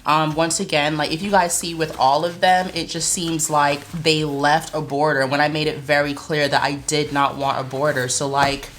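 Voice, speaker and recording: A woman's voice: low voice, little pitch movement, moderate pace, hardly any pauses, fairly bright tone, slight background noise. A young woman vlogging about her small shop, chatty and anxious, with frequent exclamations. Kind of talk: casual vlog talk. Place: Brooklyn, New York.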